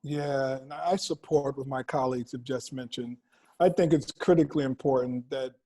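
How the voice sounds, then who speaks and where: A man speaking on a panel over a video call, measured, often checking in with "right?". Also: medium pitch, warm tone, poor audio. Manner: measured, asks listeners to agree with "right?". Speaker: panelist from a nonprofit.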